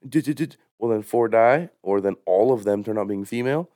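A man's voice: on the low side, brisk, mellow, no room sound, clean studio sound. A man co-hosting a podcast in casual chat, joking and laughing often, talking into a handheld mic. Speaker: podcast co-host.

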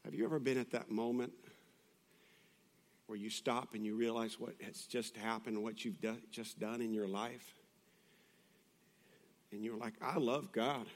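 A male pastor preaching a sermon in a conversational way, moving from hushed, intimate passages to loud, urgent appeals. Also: medium pitch, fairly even intonation, measured pace, pauses often. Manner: conversational, with restarts and asides.

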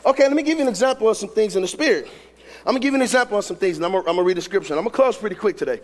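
A man preaching a sermon, telling a story in an animated way with repetition and humor. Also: high-pitched, very fast. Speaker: pastor. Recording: long reverb of a large hall.

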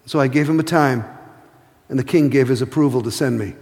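A man preaching a sermon, telling stories with passion and slowing to a hush for emphasis. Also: high-pitched, very animated, big-room sound. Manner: impassioned storytelling, slows to a hush for emphasis. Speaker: pastor.

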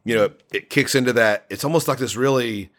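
A man co-hosting a casual album discussion, enthusiastic and halting, full of fillers and restarts. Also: medium pitch. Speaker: podcast co-host reviewing an album.

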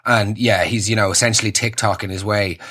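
A young man with a husky voice, giving an exasperated, sarcastic comic rant that swings from high squeals to low mutters. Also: steady tone, a little fast, bright, forceful tone. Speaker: comedian.

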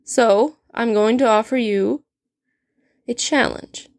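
A woman's voice: fairly high pitch, slow pace, creaky, no echo, clean studio sound. A woman reading a story aloud, voicing a stern, sardonic male potions professor who speaks in a cold, clipped and cutting way. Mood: cold, scornful.

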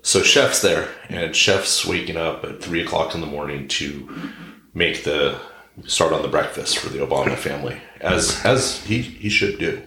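A man with a very deep but bright, forceful voice tells a rambling, irreverent comic story as podcast host. He jokes crudely and drifts off on tangents. The room around him is echoey. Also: normal speed, a little hiss or hum.

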